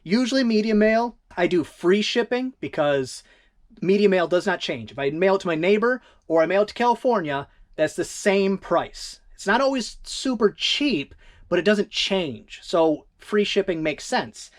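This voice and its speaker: Reseller vlogger, mid pitch, casual and rambling, thinks out loud. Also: lively intonation, normal speed. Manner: rambling, thinking aloud, conversational. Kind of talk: casual vlog chat.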